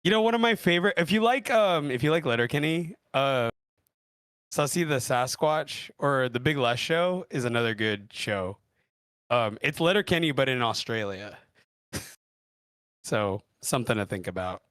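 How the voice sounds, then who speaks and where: A man hosting a live stream, chatting casually, laughing often and jumping between loud outbursts and quiet asides. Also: mid-range voice, expressive, normal speed, smooth, dry recording, studio quality. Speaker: stream host.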